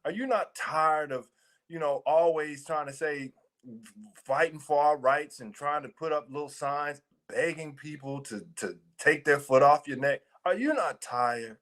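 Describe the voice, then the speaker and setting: A man's voice: fairly high pitch, unhurried, fairly bright tone. Emphatic man co-hosting a ministry podcast. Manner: preachy, rhetorical questions, emphatic. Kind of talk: casual chat.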